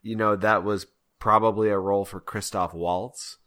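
A man's voice: lowish voice, steady tone, normal speed, fairly bright tone. A man co-hosting a podcast, talking over films in a thoughtful, hesitant way that often trails off. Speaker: podcast co-host. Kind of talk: casual film discussion.

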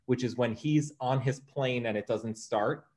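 A man's voice: medium pitch, measured pace, darkish tone. A man with a mid-range voice co-hosts a podcast from his apartment. He speaks emphatically and with enthusiasm in a casual discussion. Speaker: podcast co-host. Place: home apartment.

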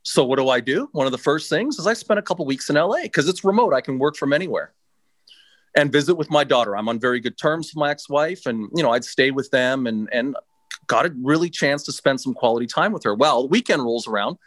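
A man's voice: mid-range voice, lively intonation, a bit bright, no room sound. A middle-aged man casually telling a long personal story, swearing freely and restarting his sentences. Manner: laid-back, swears freely, halting restarts. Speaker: guest.

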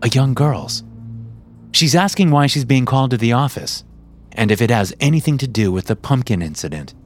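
A man narrating a suspenseful first-person story in a measured way. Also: medium pitch, expressive, faint music behind.

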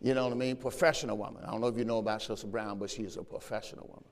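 Preaching in church, a pastor talks very fast in a lowish voice with fairly even intonation. He raises his voice to read scripture and checks in with the congregation through call-and-response asides, and a long reverb tail trails his words.

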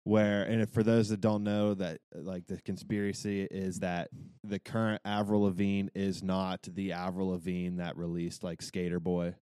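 A man's voice: deep voice, flat delivery, moderate pace, warm tone, clear, resonant tone, dry recording. A man co-hosting a podcast in casual chat, hesitant at first and then eager to explain. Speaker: podcast co-host.

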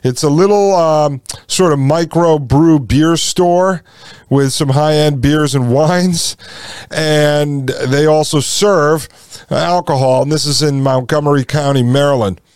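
A man's voice: a little high, slow pace, darkish tone, clean tone, dry recording, clean studio sound. A man in his forties hosting a podcast, telling a personal story in a rambling, folksy way and speaking to listeners as folks. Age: 40s. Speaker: podcast host. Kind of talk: casual storytelling monologue.

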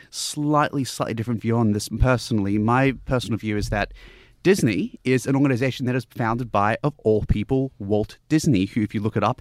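A man presenting a topic on a radio panel discussion in a measured, opinionated way. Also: lowish voice, a little mellow, dry recording, clean studio sound.

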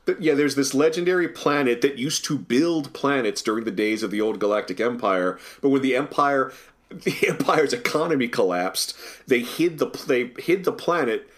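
A man co-hosting a casual podcast discussion with an enthusiastic, animated delivery. He often doubles up words as he gets going, and his voice sits at an ordinary middle pitch. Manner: enthusiastic, animated, repeats words when starting. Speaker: podcast co-host.

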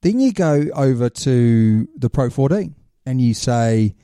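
A man with a very dark, mellow voice co-hosts a casual podcast chat. He explains at length and lays out questions for his co-host. The sound is dry and close. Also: medium pitch, sing-song, unhurried, clear, resonant tone, no room sound.

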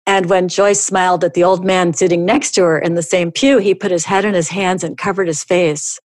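A middle-aged woman hosting a podcast, reading a comic story aloud with animated storytelling and sudden high jumps for dialogue. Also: moderate pace, no echo. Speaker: podcast host.

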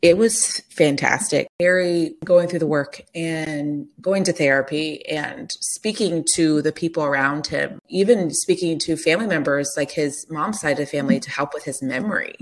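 A woman co-hosting a podcast, chatting in an excitable way and cackling as she tells a story. Her voice is very low for a woman. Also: normal speed, few pauses. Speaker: podcast co-host. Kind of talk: casual chat.

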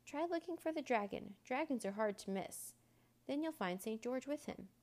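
A woman's voice: high-pitched, animated, moderate pace, darkish tone, pitched above the performer's own voice. A woman voicing Jack, a cheerful but bossy young man in a storybook, firm with the wolf and friendly to the boy. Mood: cheery. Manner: stern then cheery, bossy.

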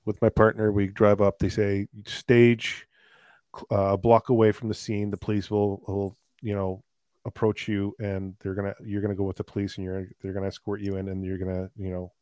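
A man, a paramedic, telling a long call story in a casual, animated way, with many fillers. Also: lowish voice, moderate pace, no echo. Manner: animated, laughing anecdotes with filler words. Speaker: paramedic guest.

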